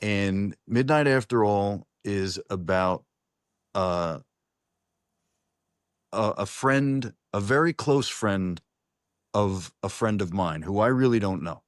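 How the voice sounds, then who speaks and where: A man with a lowish voice chats as a musician guest over a video call. He rambles, stumbles and restarts, and drops a friendly "brother" or "man". The sound is dry with no room echo. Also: takes it slowly, pauses often. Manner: rambling, many restarts, calls the host "brother". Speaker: singer-songwriter guest. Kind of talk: casual online interview.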